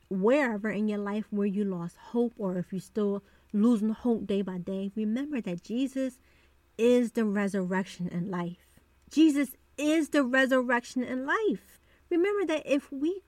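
A woman's voice: fairly high pitch, dark tone, no echo. A woman hosting a devotional podcast, talking earnestly and repeating phrases for emphasis. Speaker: podcast host.

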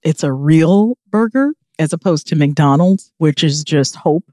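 A woman co-hosting a podcast in casual chat, animated and jokey, sometimes dropping into mutters and whispers. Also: deep voice, unhurried, no echo, studio quality. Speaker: podcast co-host. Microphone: studio microphone.

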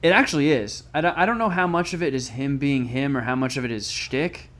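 A man's voice: mid-range voice, brisk, fairly bright tone. A man telling a crude, sarcastic story in casual chat. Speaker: podcast guest telling a story.

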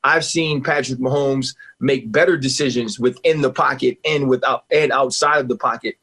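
A man in his forties talking sports on a radio show, emphatic and animated, laughing often. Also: medium pitch, moderate pace, slightly rough. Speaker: guest analyst, former player.

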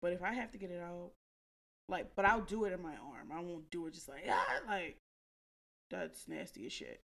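A woman's voice: on the low side, normal speed. A woman co-hosting a podcast, laid-back and giggly in casual chat. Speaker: podcast co-host.

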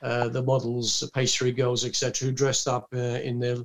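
A man's voice: medium pitch, monotone, brisk. An older man, telling film-set anecdotes on a video call in a rambling way, full of fillers and restarts. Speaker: guest recalling film work. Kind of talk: anecdotal storytelling.

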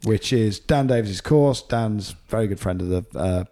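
A man's voice: lowish voice, normal speed, dark tone. A man hosting a podcast, joking and chatting casually with his guests. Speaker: podcast host. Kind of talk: casual chat.

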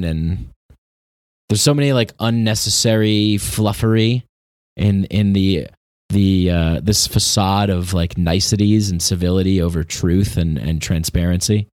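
A podcast host with a low, darkish voice speaks at a measured pace in a casual monologue, rambling and reflecting with plenty of restarts and laughs. The recording is dry and studio quality.

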